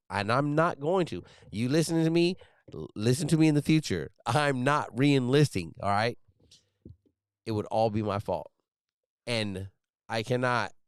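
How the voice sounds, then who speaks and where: Low, smooth-voiced man chatting earnestly. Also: dry recording, clean studio sound. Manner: earnest, rambling with many fillers. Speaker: podcast host. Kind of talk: casual chat.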